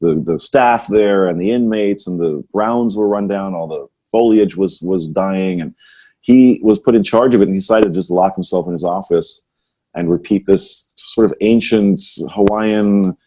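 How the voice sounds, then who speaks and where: A low-voiced man hosting a relaxed podcast conversation. His tone is dark and mellow with a husky edge. He thinks out loud in long, wandering stretches, checking in with "right?". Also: normal speed. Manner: rambling, musing, repeats "right?". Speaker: podcast host. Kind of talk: casual conversational chat.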